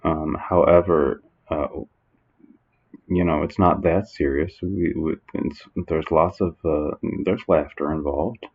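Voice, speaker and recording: A man hosting a comedy podcast, talking in a halting, filler-heavy, playful way. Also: extremely low pitch, steady tone, husky, muffled recording. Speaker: podcast host. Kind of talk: comedy sketch and casual chat. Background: background music.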